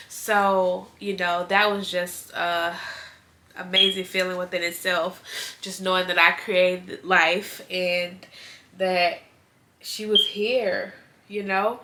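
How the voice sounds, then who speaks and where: A young woman vlogger speaks to camera in a bright, clear-toned voice. Her talk is casual and earnest, full of heartfelt asides about her pregnancy. She sounds close to tears at moments. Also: mid-range voice. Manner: earnest, heartfelt, tearful at times.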